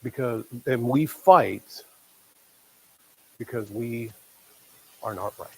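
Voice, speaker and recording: A man preaching a sermon as pastor, conversational, acting out quoted voices and dropping quiet for emphasis. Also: mid-range voice, takes it slowly, creaky, breathy edge, rough recording.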